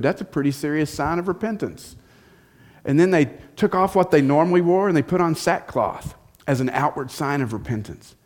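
A man preaching a sermon, retelling a story in a conversational, emphatic way and asking the audience rhetorical questions. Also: mid-range voice. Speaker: pastor.

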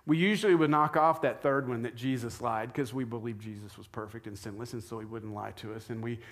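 A man's voice: mid-range voice, fairly even intonation, brisk, a bit bright. A man, a pastor, giving a conversational sermon from the pulpit and asking his listeners rhetorical questions. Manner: informal, asks the congregation rhetorical questions. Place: church, speaking from the pulpit.

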